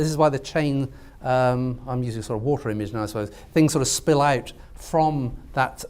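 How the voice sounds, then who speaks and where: A man speaks at an academic panel about poetry in a halting, thoughtful way. He fills his sentences with ums and repeated words while his voice stays at a middling pitch. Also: darkish tone. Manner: hesitant, with many fillers and restarts. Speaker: literary scholar speaking on a panel. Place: lecture room at a university event.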